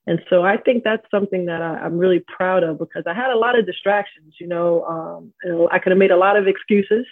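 A middle-aged woman from New York, a podcast guest telling stories in a casual, animated way, full of "like" and "you know". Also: fairly low pitch, a little fast, few pauses, breathy edge, dry recording. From Queens, New York. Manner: animated, slangy, heavy use of "like" and "you know". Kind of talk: casual storytelling interview. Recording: tinny phone-like line.

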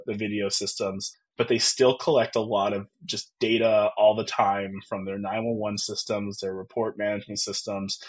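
A man in his thirties, a podcast guest, telling a personal story in an earnest, reflective way with many fillers and restarts. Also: on the low side. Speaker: podcast guest, tech founder.

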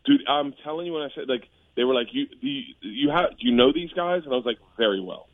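A middle-aged man, a comedian, tells animated stories on a radio show, laughing and jumping high when he quotes people. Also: fast, dry recording, phone-quality sound. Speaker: comedian guest.

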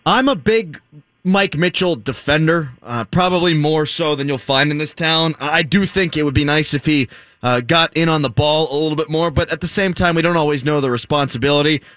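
A man hosting a sports talk radio show, teasing callers in quick back-and-forth. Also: a little high, a bit bright, no echo. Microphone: studio microphone.

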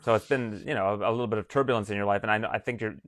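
Fast-talking low-voiced male interviewer. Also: fairly even intonation, a bit bright, no echo, studio quality. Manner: brisk, direct questioning. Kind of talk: interview questions.

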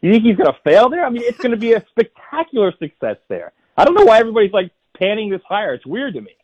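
Fast-talking high-voiced man on a remote line. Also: very animated, a little mellow, dull audio. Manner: fast, emphatic, building an argument. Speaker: guest college football writer. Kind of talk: radio call-in interview.

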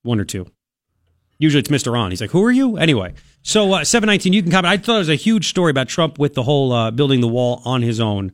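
A man hosting a talk radio show in a studio, delivering an opinionated monologue in a sarcastic, mocking, animated way. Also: medium pitch, fast, no room sound. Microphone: studio microphone.

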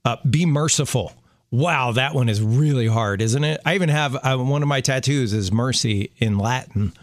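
A man's voice: medium pitch, dry recording, studio quality. A middle-aged man co-hosting a faith radio show in casual chat, easygoing and joking, laughing often. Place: radio studio.

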